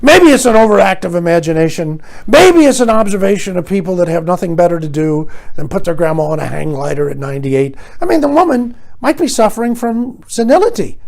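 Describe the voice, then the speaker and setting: Older male host, sardonic rambling monologue, jumps from loud to muttered. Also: high voice, very animated, a little fast, creaky. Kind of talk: comic monologue.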